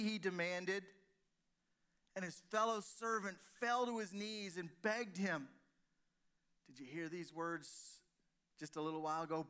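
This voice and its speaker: Man, pastor, sermon, high voice, bright tone, rhetorical questions. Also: unhurried, pauses often, smooth. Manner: preaching, rhetorical questions to the congregation. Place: church service, streamed to listeners at home.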